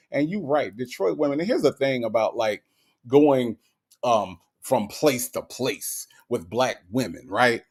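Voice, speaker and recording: A man from Florida, hosting a casual livestream, talking to his chat and reading their messages aloud with animated repeated restarts. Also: a little high. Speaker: livestream host.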